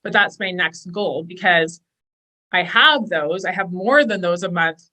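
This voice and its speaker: A bright, crisp-toned woman in her thirties talks as a podcast guest in a chatty, enthusiastic way. She often slips into quoting her own inner voice as she goes. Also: on the low side, a little slow. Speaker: guest, business and money coach. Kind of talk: casual podcast conversation.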